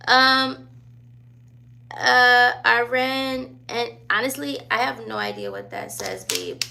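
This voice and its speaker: Youthful, gravelly-voiced woman chatting slowly. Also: on the high side, expressive, noisy background. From born in Virginia, raised in Sicily and Germany. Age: 20s. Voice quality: youthful-sounding voice. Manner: laid-back, chatty, laughs often. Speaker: vlogger answering viewer questions. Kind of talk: casual chat.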